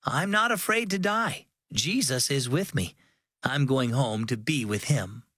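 A man voicing a gentle elderly grandfather near death, speaking in a calm, reassuring way in a children's audio story. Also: medium pitch, unhurried, husky, dry recording, clean studio sound.

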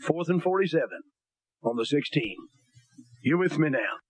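Man, pastor, high voice, dry close sound, blunt folksy sermon. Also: lively intonation, moderate pace, husky, no room sound. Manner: blunt, folksy preaching with homespun humor; reads scripture aloud in King James wording.

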